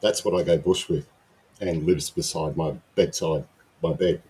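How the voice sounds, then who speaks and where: A man's voice: very deep voice, fairly even intonation, moderate pace, warm tone, slight background noise. A man chatting casually, rambling and often restarting his sentences. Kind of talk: casual chat.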